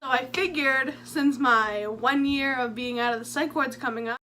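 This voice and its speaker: A woman's voice: sits high, moderate pace, a crowd in the background, noisy background. A young woman telling her own stories in a chatty, jokey story-time vlog. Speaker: vlogger.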